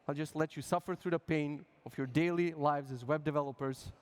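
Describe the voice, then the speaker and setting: A man's voice: fairly high pitch, steady tone, a little fast, clean tone. A man giving a humorous conference talk to developers, joking, swearing casually and acting out quoted voices. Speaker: conference speaker.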